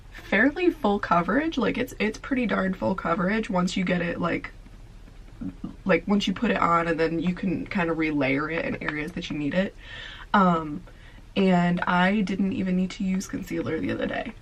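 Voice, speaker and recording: Sleepy, husky young woman chatting. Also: mid-range voice, poor audio. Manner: chatty, lots of "like" fillers. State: sleepy, tired voice. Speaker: beauty vlogger. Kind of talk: casual makeup tutorial.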